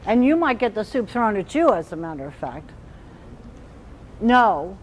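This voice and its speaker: A woman trainer giving an animated workshop talk, acting out little quoted inner voices as she explains. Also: medium pitch, a little slow, slight background noise, rough recording.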